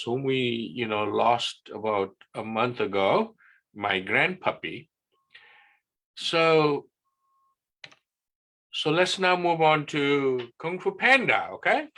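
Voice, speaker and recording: An older man giving a casual wellness presentation on a video call, checking in often with "right?". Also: mid-range voice. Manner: relaxed teaching talk with frequent "right?" checks. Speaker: wellness guest speaker. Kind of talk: casual presentation on an online class.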